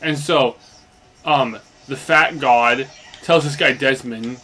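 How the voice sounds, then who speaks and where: A man's voice: medium pitch, slow pace, pushed and bright. A young man casually recapping a story while playing a game, rambling along with lots of fillers. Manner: loose and meandering, heavy on fillers like "basically" and "like". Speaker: let's play commentator.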